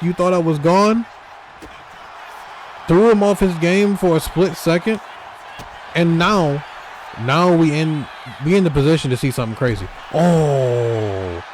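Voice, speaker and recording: A man giving excitable, trash-talking play-by-play commentary over a wrestling video game, talking straight to the wrestlers. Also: mid-range voice, slight background noise.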